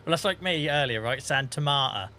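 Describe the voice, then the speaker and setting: A man's voice: on the high side, animated, a little fast, pushed and bright, a little hiss or hum. A man with a Norfolk accent chatting casually with his live-stream chat while playing, laughing often and reading out messages. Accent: Norfolk English. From England. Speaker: game streamer.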